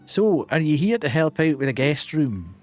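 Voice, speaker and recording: A man's voice: a little high, big pitch swings, moderate pace, a little mellow. A man voicing a cheerful male raccoon shopkeeper from a game in a mock accent, with faint music behind. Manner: mock accent, upbeat reading of game dialogue.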